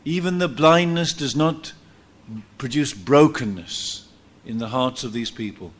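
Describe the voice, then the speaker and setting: A man preaching a sermon in church, telling a story lively and acting out what people said. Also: mid-range voice, unhurried. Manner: animated storytelling, acts out quotes with laughs.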